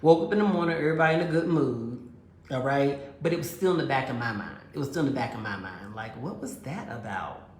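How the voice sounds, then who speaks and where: Speaking fast and animated, her rumbling low voice a little mellow, a woman recounts a relationship story and acts out each side of the exchange. She advises her listeners straight on, addressing them as girls and honey, with a roomy echo around her.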